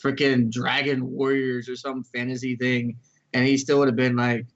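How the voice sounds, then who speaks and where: A man's voice: mid-range voice, flat delivery, moderate pace. A man co-hosting an anime podcast, making wry, incredulous quips in casual chat. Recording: dull lo-fi sound.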